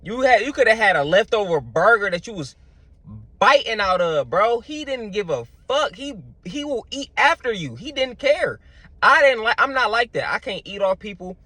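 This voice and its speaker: A man's voice: high voice, very animated, normal speed, bright, forceful tone, no room sound. A young man, telling stories in a loose, slangy vlog monologue full of fillers. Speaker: vlogger. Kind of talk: casual storytelling monologue.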